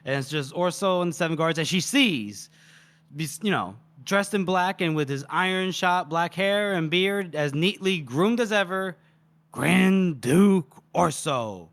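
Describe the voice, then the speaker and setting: A man with a slightly high voice retells a book scene in a chatty podcast style. He talks in an animated, loose way and swears freely. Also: normal speed. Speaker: podcast co-host. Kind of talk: casual book-discussion retelling.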